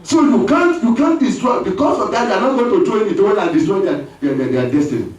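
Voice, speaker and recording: A man preaching a sermon as pastor, lively, with call-and-response and acted voices. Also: high voice, quick pace, muffled recording. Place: church hall. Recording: echoey church hall from far off.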